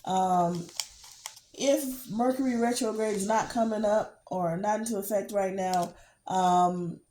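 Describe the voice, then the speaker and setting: A woman with a stuffy, nasal voice from a cold, hosting a casual tarot reading in a slow, hesitant way with many pauses. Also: mid-range voice, echoey room, a little hiss or hum, low-quality recording. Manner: slow, hesitant, many ums, murmurs quietly while shuffling cards. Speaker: tarot reader, channel host.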